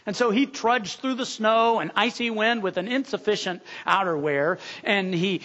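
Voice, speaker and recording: A man preaching a sermon, telling a story earnestly and dropping to a hush at key points. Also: sits high. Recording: muffled lo-fi sound.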